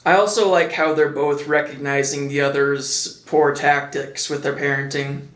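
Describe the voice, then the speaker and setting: A man's voice: mid-range voice, level tone, normal speed, a bit bright, echoey room, slight background noise. A man giving sarcastic commentary as a video reviewer, making dry, mocking jokes.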